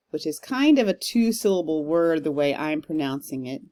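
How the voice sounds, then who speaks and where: A woman lecturer talks through a recorded lesson in a fairly low voice. Her delivery is measured and explanatory, with steady "um" fillers as she works through each point. The sound is close and dry, with no room around it. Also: dry recording. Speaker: literature professor.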